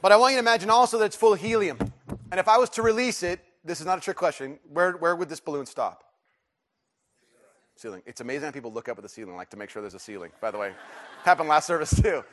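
A man's voice: a little high, fast, a bit bright. A middle-aged man preaching a sermon in a church service, telling stories with restarts and building to emphatic, rising questions. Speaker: pastor.

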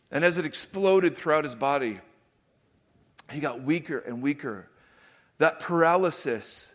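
A middle-aged man preaching a sermon, swinging from loud, emphatic declarations to hushed, intimate storytelling. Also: on the high side. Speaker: pastor.

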